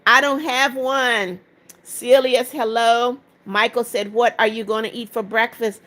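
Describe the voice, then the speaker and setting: A woman's voice: a little high, fairly even intonation, measured pace, a bit bright. A woman in her seventies hosting a live stream, tired after hours of talking, reading each viewer comment aloud and answering it briefly. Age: 70s. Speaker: livestream host.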